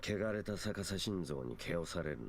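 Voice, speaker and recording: A man's voice: low-pitched, animated, fast talker. An actor playing a stern, guarded male swordsman in a video game, speaking in curt, ominous warnings. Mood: grim. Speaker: game character.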